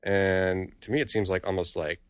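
Podcast guy, lowish voice that moves around a lot, lots of uhs, dry close sound. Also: fairly even intonation, moderate pace, smooth, no echo. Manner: hesitant, filler-heavy. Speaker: podcast co-host. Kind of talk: casual podcast chat.

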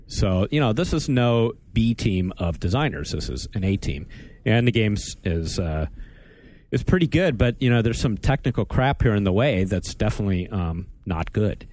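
A man's voice: lowish voice, sing-song, normal speed, darkish tone, no room sound. A man hosting a casual gaming podcast, rambling and wry, often stopping and restarting his sentences. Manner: rambling, self-interrupting, wry. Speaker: podcast host. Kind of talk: casual chat.

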